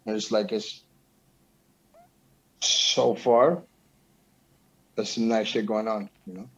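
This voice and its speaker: A man's voice: lowish voice, steady tone, slow, fairly bright tone, breathy edge, lo-fi sound. A man talking casually about his music, loose and slangy, swearing and saying bro a lot. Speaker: musician guest. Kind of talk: casual chat.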